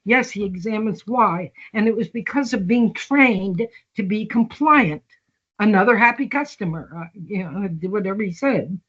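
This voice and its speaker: Her voice sits mid-range, a bit bright with a breathy edge, and the recording has its highs cut off. An older woman in a long conversational interview, she tells lengthy stories at a slow pace and acts out the dialogue she quotes.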